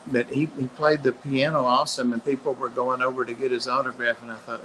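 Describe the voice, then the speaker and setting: A man's voice: medium pitch, little pitch movement, quick pace, sharp tone, rough recording. A man in casual chat who tells rambling anecdotes full of asides.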